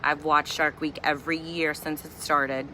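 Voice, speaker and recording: A middle-aged mother from Virginia vents in a chatty, humorous home vlog. Her voice sounds bright and a little sharp. She keeps an exasperated, joking tone, and a faint hum sits in the background. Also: low voice, level tone, normal speed. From Virginia, USA. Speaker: vlogger and mother. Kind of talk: casual ranting vlog.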